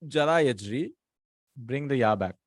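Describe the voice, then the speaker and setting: A man's voice: medium pitch, expressive, unhurried, no room sound, clean studio sound. A man teaching Arabic grammar, working through exercises and repeating each word form aloud. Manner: patient, drills words aloud, asks and answers himself.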